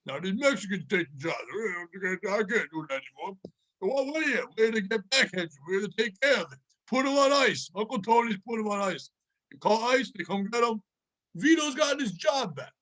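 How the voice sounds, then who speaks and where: A man putting on a brash Italian-American wiseguy voice, ranting loudly. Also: high-pitched, animated, normal speed.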